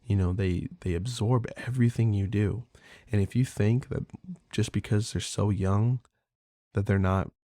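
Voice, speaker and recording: A man's voice: lowish voice, moderate pace, mellow, no room sound, studio quality. A man hosting a podcast, talking casually and candidly in a rambling way, swearing freely with lots of fillers. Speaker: podcast host. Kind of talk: casual monologue.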